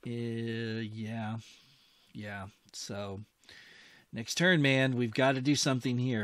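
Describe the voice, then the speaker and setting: A man narrating his strategy war game in a casual, thinking-aloud way, with excitable exclamations and old-fashioned mild oaths. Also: medium pitch, no echo. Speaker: gaming host.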